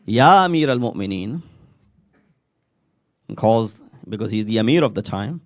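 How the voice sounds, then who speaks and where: A man giving a sermon, mixing English with recited Arabic verses and acting out quoted dialogue with sharp rises on questions. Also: lowish voice, expressive, moderate pace, no echo, studio quality. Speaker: speaker at a Muharram majlis.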